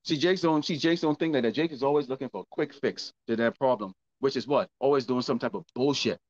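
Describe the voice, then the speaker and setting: A man's voice: mid-range voice, quick pace, dry recording. Male preacher who drives his sermon with rhetorical questions and stumbles through repeated words; dull, dry lo-fi recording. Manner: rhetorical questions answered himself, repeats words, frequent "okay?". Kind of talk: teaching sermon with scripture reading.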